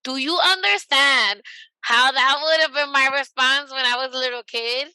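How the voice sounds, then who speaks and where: A woman's voice: sits high, normal speed, bright, forceful tone, clear, resonant tone, no room sound, low-quality recording. A woman hosting a podcast, chatting casually with slang, swearing and eager agreement. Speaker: podcast host. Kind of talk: casual chat.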